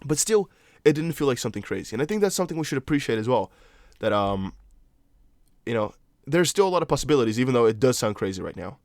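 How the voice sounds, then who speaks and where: A man's voice: mid-range voice, sing-song, fast talker, a little mellow, no echo, clean studio sound. A young man, not a native English speaker, hosting a casual live stream, chatting loosely and answering viewer comments with restarts and apologetic asides. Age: young adult. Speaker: crypto livestream host.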